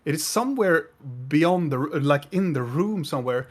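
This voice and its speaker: A man's voice: on the high side, lively intonation, normal speed. A man running a tabletop game as game master, describing scenes unhurriedly and laughing often.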